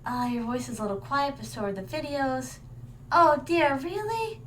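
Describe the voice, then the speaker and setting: A woman's voice: high voice, very animated, normal speed, slight background noise. A woman streamer reacting live in a theatrical, regal manner, calling her viewers "my darlings" and dropping Japanese fillers. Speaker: vtuber streamer.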